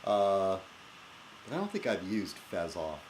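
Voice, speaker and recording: Speaking a little slowly in a low voice with big swings in pitch, a vlogger chats casually on his own channel. He rambles, pokes fun at himself, and chuckles frequently, all captured on a laptop webcam against a noisy background.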